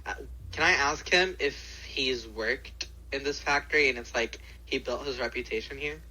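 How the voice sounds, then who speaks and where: A man's voice: mid-range voice, normal speed, pushed and bright, low-quality recording. A man playing a tabletop game in casual, swearing table talk. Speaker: player.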